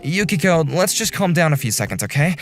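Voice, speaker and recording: शांत, समझदार सेक्शन चीफ़. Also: male voice, on the high side, a little fast, faint music behind. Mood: calm. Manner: calm, apologetic, reassuring. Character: calm, considerate male section chief. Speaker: narrator and section chief. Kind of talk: first-person story narration in a dubbed animation.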